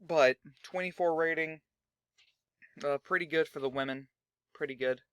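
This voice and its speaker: A young man narrates his game session in loose, rambling chat, cursing casually as he goes. His voice sits a touch high. The sound is close and completely dry. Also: moderate pace, fairly bright tone, smooth, dry recording. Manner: rambling, chatty, swears freely. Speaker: gaming channel host. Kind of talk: casual let's-play commentary.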